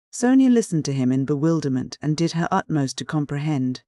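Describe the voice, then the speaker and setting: A measured audiobook narrator reading a classic novel. The voice sits at a middle pitch. It is recorded close and dry. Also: sing-song, warm tone, no echo. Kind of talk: scripted narration.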